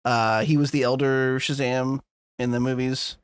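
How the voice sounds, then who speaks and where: A man's voice: medium pitch, little pitch movement, unhurried, smooth, no room sound, clean studio sound. A man co-hosting a podcast in a loose, laughing, casual chat, swearing freely. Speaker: podcast co-host.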